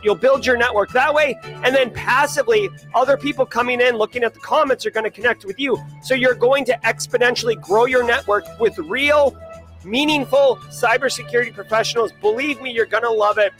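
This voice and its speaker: A man with a Boston accent hosting a daily cyber news live stream, talking in an energetic, rambling, self-joking way. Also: very high-pitched. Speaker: host. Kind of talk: casual live-stream chat.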